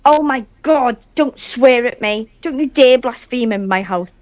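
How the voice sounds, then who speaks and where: A woman's voice: a little high, a little slow. A woman with a Liverpool accent on a livestream, cheeky and teasing, swearing freely in casual banter. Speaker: guest caller.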